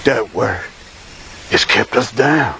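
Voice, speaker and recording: A brash, gravelly movie showman. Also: mid-range voice, expressive, takes it slowly, pushed and bright, a little hiss or hum, heavily acted. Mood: declaiming. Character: brash male movie character giving a bold speech. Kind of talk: film dialogue. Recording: film clip with faint music.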